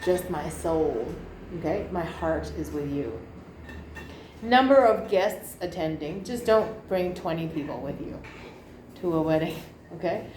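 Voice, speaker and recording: A woman's voice: low-pitched, expressive, measured pace, darkish tone, a little hiss or hum. A woman teacher reading an exam passage to her class, with jokey asides and explanations. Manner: chatty, jokey asides while reading aloud. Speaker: English teacher. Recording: echoey room.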